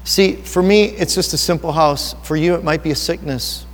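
A man with a fairly high voice preaches a sermon, speaking earnestly and personally. He asks rhetorical questions and talks to his listeners as if in conversation. His voice rings out with a long reverb in a church hall. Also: moderate pace, a little hiss or hum. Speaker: pastor.

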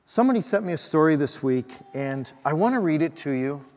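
Man preaching a sermon, slightly higher voice, emphatic with hushed drops, long church reverb. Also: expressive, fairly quick. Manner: emphatic preaching, swinging between loud and soft. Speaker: pastor. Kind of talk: Christmas sermon with a read-aloud story.

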